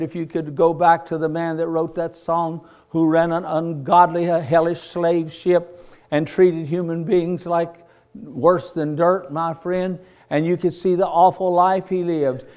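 High-voiced fervent male preacher. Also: flat delivery, measured pace, darkish tone, smooth. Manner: fervent storytelling preacher, repeats phrases in rhythmic runs. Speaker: pastor. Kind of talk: sermon.

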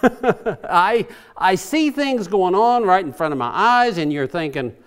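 A man's voice: sits high, animated, slow, smooth. A male preacher giving a sermon, praying aloud with passion as he paraphrases scripture.

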